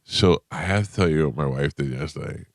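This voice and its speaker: Man, radio host, very low voice, dry studio sound, rambling, laughs mid-sentence. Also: fairly quick, gravelly, no room sound. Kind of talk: casual morning-show banter.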